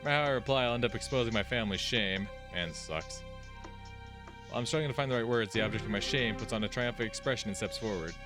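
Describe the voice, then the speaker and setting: A man's voice: mid-range voice, very fast, hardly any pauses. A man hosting a let's play, reading visual novel text aloud and musing casually about the plot. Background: game music.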